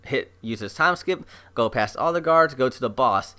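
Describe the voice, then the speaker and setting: A man giving a casual, excited recap of an episode as an anime reviewer, chatty and full of fillers. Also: mid-range voice, moderate pace, clear, resonant tone. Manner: chatty, animated retelling with many fillers.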